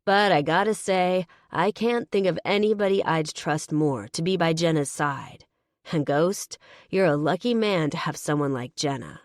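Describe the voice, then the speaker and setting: A woman's voice: deep voice, normal speed, dry recording, clean studio sound, lightly acted. A woman voicing a bearded male biker, giving a folksy, hearty wedding toast.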